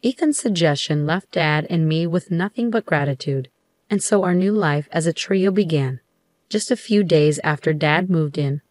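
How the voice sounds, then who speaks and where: A woman reading a first-person story aloud as narrator in a steady, even way. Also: lowish voice, no echo, clean studio sound.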